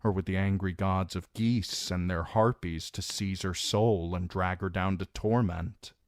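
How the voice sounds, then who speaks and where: Slow, deep-voiced male audiobook narrator. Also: steady tone, no echo, clean studio sound. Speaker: audiobook reader.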